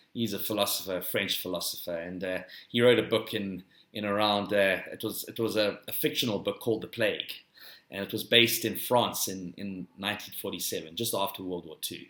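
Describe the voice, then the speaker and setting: A man's voice: on the low side, sharp tone, reverberant. A South African man hosting his own podcast, talking in a rambling casual monologue to his listeners. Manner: rambling, addresses listeners as "guys", tags "eh?". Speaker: podcast host.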